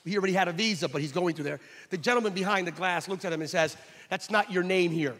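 A man's voice: high-pitched, very fast, fairly bright tone, big-room sound. A man preaching a sermon as pastor, emphatic, and switching into storytelling that acts out the dialogue.

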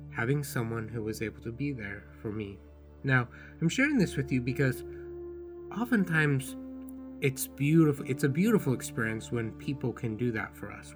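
Gentle, reflective male podcast host. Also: mid-range voice. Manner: gentle, unhurried, tender storytelling. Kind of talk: reflective personal podcast monologue.

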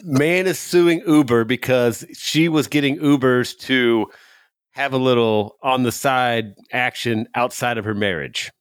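A man's voice: medium pitch, a little slow, clear, resonant tone, no echo, clean studio sound. A man competing on a podcast game show, hesitating and musing aloud before he answers. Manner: hesitant, muses over answers. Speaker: contestant. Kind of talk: casual podcast banter.

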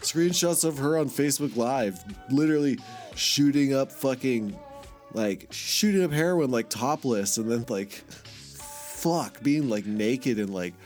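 A man's voice: medium pitch, measured pace, darkish tone, soft background music. A man telling a long personal story in casual podcast chat, rambling and swearing with lots of filler words and self-mocking asides. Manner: self-mocking, laughs at himself.

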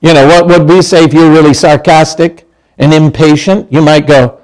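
A man's voice: on the high side, steady tone, normal speed, darkish tone. A man in his sixties preaching a sermon as pastor, conversational and humorous, acting out quoted lines.

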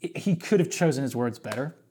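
A man's voice: mid-range voice, animated, fast, mellow, a little hiss or hum. A man talking as a podcast guest, telling a long story in a casual, rambling way, full of fillers and restarts.

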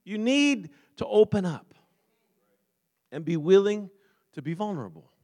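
A male pastor preaching a fervent sermon, punctuating his lines with amens and swinging from shouts down to hushed, pleading passages. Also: sits high, big pitch swings, measured pace.

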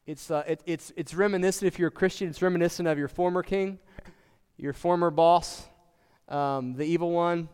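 A man's voice: a little high, steady tone, moderate pace, darkish tone, smooth, long reverb tail. A man preaching a sermon as pastor, talking conversationally and asking his listeners questions. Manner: conversational, asks the congregation questions.

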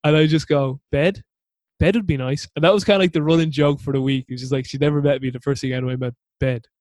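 An Irish man talks on his podcast in a loose, rambling storytelling way, circling back with plenty of fillers and false starts. His voice sits at an everyday middle pitch and the sound is dry and close, with no room around it. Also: fairly even intonation, racing, darkish tone, no room sound. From Ireland. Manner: rambling, chatty, many fillers and restarts. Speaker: podcast host. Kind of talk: casual storytelling monologue.

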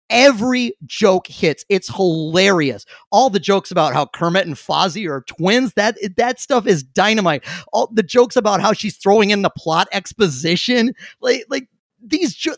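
A man's voice: high-pitched, dry recording. A man on a casual podcast panel, ranting emphatically and swearing as he argues his vote.

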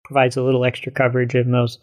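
A man's voice: medium pitch, monotone, fast talker. Man explaining his course plainly. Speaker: college instructor co-teaching a course. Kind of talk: casual conversation.

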